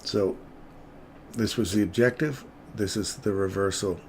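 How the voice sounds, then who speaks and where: Low-voiced man doing casual trading commentary. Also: a little slow, vocal fry, a little hiss or hum. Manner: casual, chatty, greets viewers by name. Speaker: trading streamer.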